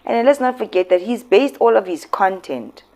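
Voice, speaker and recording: Expressive South African woman commentator. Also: medium pitch, normal speed. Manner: expressive, emphatic, switching into local words. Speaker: commentary host. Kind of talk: casual commentary.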